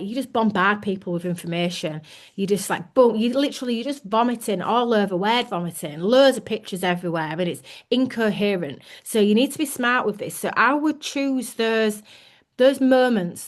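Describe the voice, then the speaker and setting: A woman gives a motivational coaching talk, candid and lively. Her voice sits a little high, and she often acts out the thoughts and doubts of her listeners. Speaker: business coach.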